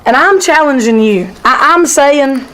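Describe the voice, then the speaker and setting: A woman's voice: sits high, animated, unhurried, a bit bright, low-quality recording. A woman teaching a women's Sunday school class in a church, emphatic and repetitive in her delivery. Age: adult, former sixth-grade teacher.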